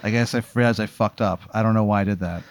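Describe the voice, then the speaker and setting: A man's voice: lowish voice, fairly even intonation, quick pace, no echo. A man playing along in casual chat, hesitant and stammering, blurting profanity. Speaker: guest.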